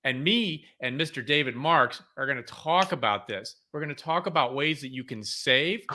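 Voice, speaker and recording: A man hosting a car podcast, energetic and playful, moving between banter and sponsor reads. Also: medium pitch, moderate pace. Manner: energetic and playful, leaning on hype. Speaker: podcast host.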